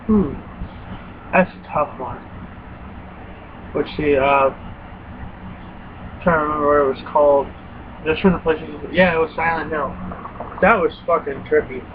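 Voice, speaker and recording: A high-voiced young man tells rambling, profane stories, acting out his own startled reactions. The sound is thin and phone-like, with a faint hiss behind it. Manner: profane, animated retelling with quoted reactions. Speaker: gaming vlogger. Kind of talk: casual rambling story.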